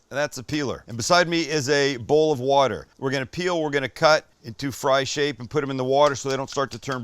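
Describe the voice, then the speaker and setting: A man's voice: mid-range voice, fairly bright tone, dry recording. A man hosting a cooking show, talking viewers through each step in an irreverent, joking way with the odd swear word. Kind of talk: casual cooking demonstration.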